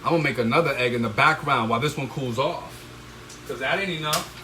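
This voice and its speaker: A middle-aged chef runs a live cooking stream from his home kitchen, speaking into a handheld phone. His mid-range voice moves fast as he coaches viewers, ending lines with "all right?" and "okay?" and breaking into loud whoops. Frying sizzles amid the kitchen noise.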